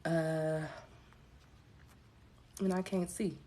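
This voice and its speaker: A woman tarot reader chatting casually with viewers on a home live stream, relaxed and self-mocking. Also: deep voice, drawn-out words. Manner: relaxed, chatty, laughs at herself, addresses viewers as y'all.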